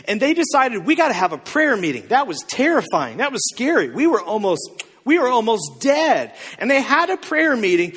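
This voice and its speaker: A man preaching a sermon as pastor, telling the story in a joking, animated way with sudden shouts. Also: very high voice, big-room sound.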